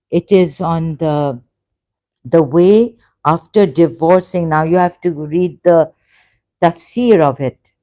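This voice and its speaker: Slow, low-voiced woman debating. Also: dark tone. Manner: argumentative, repeats words, then apologetic and halting. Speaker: channel host debating a caller. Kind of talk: heated religious debate.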